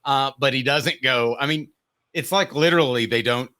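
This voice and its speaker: A man's voice: mid-range voice, moderate pace. A middle-aged man hosting a casual sports podcast, joking and teasing his co-host. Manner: jokey, teasing, animated.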